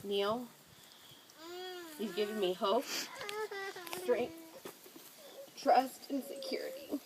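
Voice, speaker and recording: A woman's voice: fairly high pitch, wildly swooping pitch, takes it slowly, background noise. A woman, the bride, speaking her wedding vows in a tender, emotional way while holding back tears. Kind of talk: reading personal wedding vows.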